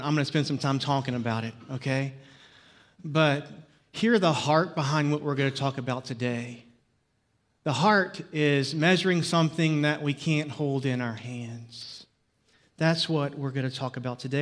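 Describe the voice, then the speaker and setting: A man preaching a sermon as pastor, opening with jokes and stories before turning earnest. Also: fairly high pitch. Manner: jokey storytelling, then earnest preaching.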